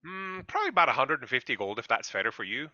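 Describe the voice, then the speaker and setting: A man voicing a gruff, busy male blacksmith shopkeeper who talks in short, distracted replies. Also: mid-range voice, very animated, very fast, bright, forceful tone, no room sound, highs cut off, voice pushed up. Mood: curt.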